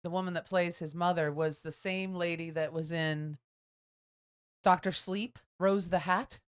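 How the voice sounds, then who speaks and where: A co-host with a smooth, clear voice on a casual live chat. They read viewer comments aloud and toss in chatty asides, at a mid pitch. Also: fairly even intonation, a little slow. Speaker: livestream co-host reading chat.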